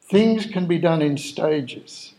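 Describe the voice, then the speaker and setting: A man's voice: a little high, slow, warm tone, poor audio. A man preaching a sermon in a conversational, storytelling way, acting out the dialogue of the people he describes. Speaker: pastor.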